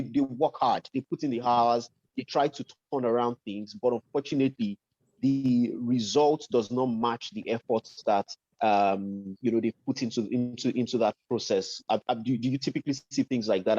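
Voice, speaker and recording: A man's voice: mid-range voice, fairly even intonation, moderate pace, darkish tone, dry recording, highs cut off. A man hosting an interview, asking long careful questions with many fillers and restarts, over a remote call. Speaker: podcast host.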